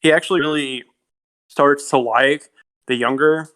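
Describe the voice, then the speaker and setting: A man with a smooth, medium-pitched voice co-hosts a podcast, speaking a little slowly. In this casual film discussion he retells movie scenes animatedly, with plenty of fillers, frequent "likes" and laughs.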